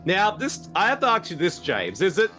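A man's voice: sits high, huge pitch swings, moderate pace, sharp tone, soft background music. A man hosting a casual watch-along podcast, chatty and laughing often. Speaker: podcast host.

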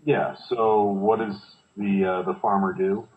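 A man's voice: lowish voice, flat delivery, a little slow, narrow, tinny audio. A man co-hosting a podcast, telling a story casually with frequent hesitations. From United States. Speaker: podcast co-host. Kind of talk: casual chat.

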